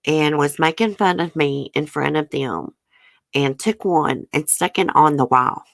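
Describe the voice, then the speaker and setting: A woman's voice: sits low, measured pace, gravelly, no room sound. A woman speaking candidly to her viewers as a channel host, emotional and close to tears, with frequent ums. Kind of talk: casual personal talk to viewers.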